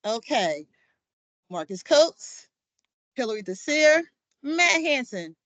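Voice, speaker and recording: A woman's voice: medium pitch, unhurried, long pauses, no echo. A woman chairing a commission meeting, calling roll in an informal, upbeat way with plenty of fillers. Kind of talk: running a meeting roll call.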